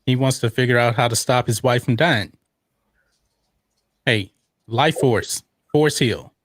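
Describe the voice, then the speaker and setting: A man's voice: medium pitch, unhurried, dry recording, studio quality. A man hosting a podcast, chatting casually through a movie watch-along and reading out viewer comments. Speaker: podcast host.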